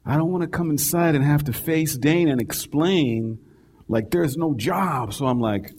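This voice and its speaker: A man's voice: a little high, a little slow, darkish tone. A man preaching a sermon as a personal story, conversational and constantly checking in with "right?". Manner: conversational, keeps asking "right?".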